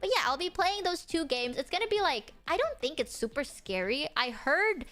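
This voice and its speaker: A woman's voice: high voice, sing-song, moderate pace, fairly bright tone, faint music behind. A woman streamer chatting casually on a livestream, playful and swearing freely.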